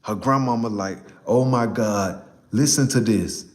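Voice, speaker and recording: A young man, casually telling a personal story to a live chat, animated and repeating himself for emphasis. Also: lowish voice, measured pace, echoey room.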